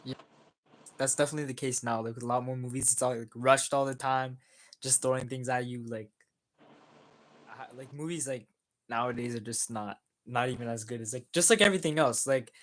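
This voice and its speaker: A young man co-hosting a livestream, casually reading out chat comments with many pauses and fillers. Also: mid-range voice, low-quality recording. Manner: easygoing, hesitant, many fillers.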